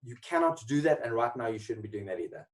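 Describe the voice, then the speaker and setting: A man's voice: mid-range voice, lively intonation, quick pace. Guy doing a motivational webinar, lots of rhetorical questions, sounds kinda far from the mic. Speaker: motivational speaker. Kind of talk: webinar presentation.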